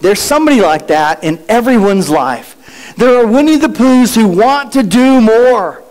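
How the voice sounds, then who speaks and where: A man's voice: very high voice, lively intonation, moderate pace, darkish tone, poor audio. A middle-aged male pastor preaching a sermon with rhetorical questions and playful asides.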